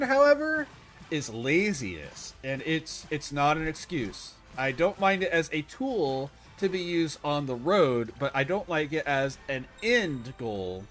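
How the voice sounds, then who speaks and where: Somewhat high and a little bright, a man's voice chats loosely with viewers as he plays a game live. He's opinionated, rambles, and keeps correcting himself.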